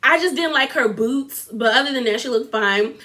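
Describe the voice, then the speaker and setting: Young woman, casual vlog recapper, rambling and filler-heavy; slightly high, bright voice. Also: normal speed. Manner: chatty, lots of filler "like", quotes people in a put-on voice. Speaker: reality TV recap vlogger.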